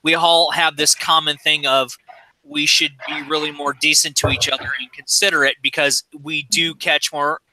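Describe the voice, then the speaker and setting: A man with a high-pitched voice, talking bluntly and with plenty of swearing as co-host of a casual podcast. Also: flat delivery, moderate pace, background noise. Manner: profane, blunt, acts out quoted exchanges. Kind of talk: casual chat.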